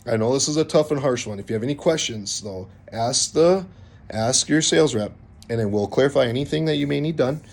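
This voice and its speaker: A man's voice: mid-range voice, animated, fairly quick, creaky, a little mellow. A man from a contracting company casually walking clients through a contract, joking and mildly stern. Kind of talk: casual explanatory walkthrough.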